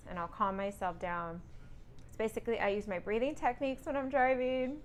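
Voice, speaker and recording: Woman rambling casually in a vlog, keeps restarting herself, average pitch, little bit of noise. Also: brisk. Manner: rambling, self-correcting, talks to herself. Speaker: truck driving student.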